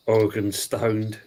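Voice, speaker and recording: A man's voice: fairly low pitch, warm tone, a little hiss or hum. A man with a Cockney accent hosting a casual football podcast, bantering and reading out viewer comments. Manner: banter, reads out chat comments. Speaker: podcast host.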